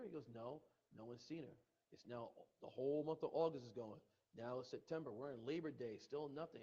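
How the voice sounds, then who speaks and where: Medium in pitch and dark in tone, a middle-aged man speaks at a moderate pace as a podcast guest. He emotionally recounts a painful personal loss, repeating himself and quoting people, and the recording sounds muffled.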